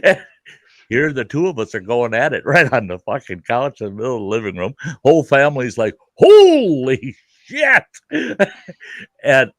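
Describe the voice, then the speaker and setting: The host, a middle-aged man with a medium-pitched voice, talks fairly quickly in a recording free of room sound. Hosting a casual chat, he tells a lively story full of profanity, acting out the voices of the people in it.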